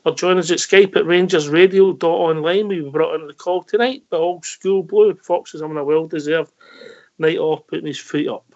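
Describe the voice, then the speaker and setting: Man, Scottish accent, phone-in host, teasing banter, slightly high voice, muffled audio. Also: normal speed. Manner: jokey, teasing. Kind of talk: casual radio phone-in chat. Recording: dull lo-fi call audio.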